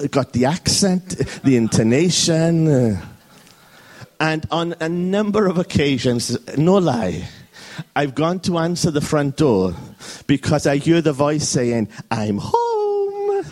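A man preaching a sermon at a church service, lively and jokey, often asking his listeners "okay?". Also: fairly high pitch, slow pace. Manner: lively, jokey, frequent "okay?" check-ins.

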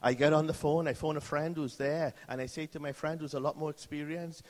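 British guy preaching, bit higher voice, telling his story big, long echo in the hall. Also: fairly even intonation, brisk. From Britain. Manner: vivid first-person storytelling. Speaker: pastor. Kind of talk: sermon.

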